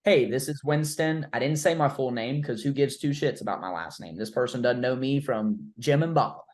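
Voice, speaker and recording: A man's voice: mid-range voice, animated, a little fast. A man coaching a trainee through cold-call role-play, blunt and informal, with the odd swear word. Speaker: recruiting coach.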